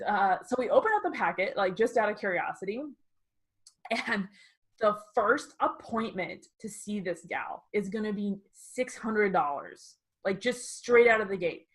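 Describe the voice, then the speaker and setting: Sharing something that happened to her, this podcast co-host in her twenties speaks casually and with plenty of animation, her voice sitting in the mid range. Laughter comes often, and she performs the lines people said to her.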